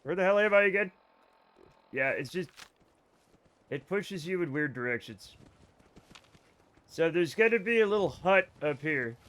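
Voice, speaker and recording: A man chats loosely with his live viewers while he plays a video game. His voice sits a little higher than most men's, and he rambles, jokes and swears without a second thought. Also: expressive, unhurried, long pauses, a bit bright. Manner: rambling, joking, swears freely. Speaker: streamer. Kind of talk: casual let's-play chat with viewers.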